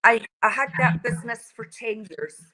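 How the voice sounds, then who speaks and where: Bright chatty Scottish woman. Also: a little high, lively intonation, moderate pace, poor audio. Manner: chatty, laughs easily. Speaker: guest. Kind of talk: casual call-in chat. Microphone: mobile phone over wireless.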